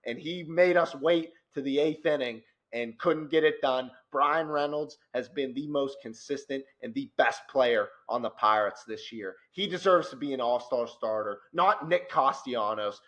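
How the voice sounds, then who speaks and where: A man co-hosting a casual sports podcast, talking animatedly and growing loud and worked up as he rants. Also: mid-range voice, measured pace, few pauses. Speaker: podcast co-host.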